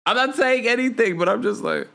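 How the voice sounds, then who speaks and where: A man hosting a live recap show, chatting casually, reading out viewer comments and gossiping with animated energy. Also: very high voice, a little fast, creaky. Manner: animated, gossipy, mimics people in quotes. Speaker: podcast host.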